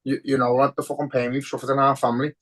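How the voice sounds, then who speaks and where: A man's voice: mid-range voice, level tone, rapid-fire, a bit bright, poor audio. A man with a Liverpool accent co-hosting a podcast, talking bluntly and emotionally with lots of swearing. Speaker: podcast co-host. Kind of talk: casual podcast chat.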